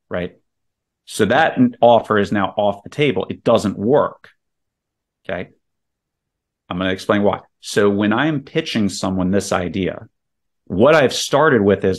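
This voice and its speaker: A man's voice: lowish voice, lively intonation, a little slow. A man guesting on a podcast, explaining sales tactics emphatically and walking through scenarios step by step. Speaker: real estate investor guest.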